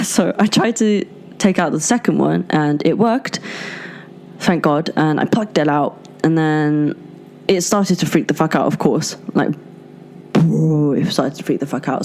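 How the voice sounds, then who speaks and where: A woman's voice: low voice, a little mellow, slight background noise. A young woman hosting a podcast, telling a story in a rambling, casual way, swearing and laughing often. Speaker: podcast host. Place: indoors at her desk.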